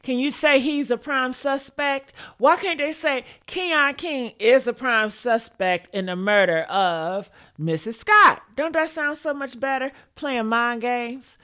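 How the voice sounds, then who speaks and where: A woman's voice: sits high, slow pace, hardly any pauses, bright, forceful tone, smooth. A woman hosting a live stream, reacting to news clips and talking bluntly and profanely straight to her viewers. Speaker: host.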